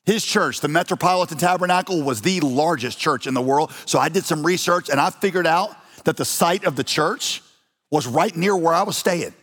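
A man's voice: a little high, moderate pace, fairly bright tone, in a large hall. A man with an American accent preaching a sermon to his congregation in a conversational, humorous way, asking the listeners questions. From United States. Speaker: pastor. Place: church hall.

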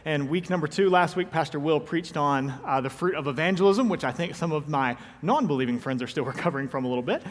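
A man's voice: a little high, expressive, fast talker, hardly any pauses, in a large hall. A man in his thirties, a pastor preaching a conversational sermon in a church, joking and poking fun at himself. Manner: joking, self-deprecating storyteller. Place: church sanctuary.

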